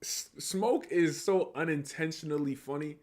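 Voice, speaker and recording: A man's voice: a little high, moderate pace, darkish tone. A man co-hosting a podcast, talking about a film in a laid-back, rambling way full of fillers. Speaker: podcast co-host. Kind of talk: casual chat.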